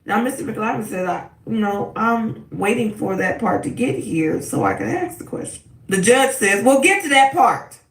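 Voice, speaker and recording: A woman casually recapping a court trial, animated and acting out quotes with sudden loud bursts. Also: medium pitch, moderate pace, creaky, recorded from a distance. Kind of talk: casual commentary. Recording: echoey room, voice off-mic.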